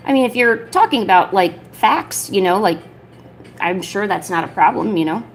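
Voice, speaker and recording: A woman in her thirties, chatting casually on a livestream while she sketches, rambling with lots of filler words and cooing softly to her pet. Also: medium pitch, animated, moderate pace, soft background music. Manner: soft, doting talk to her pet. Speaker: artist streamer.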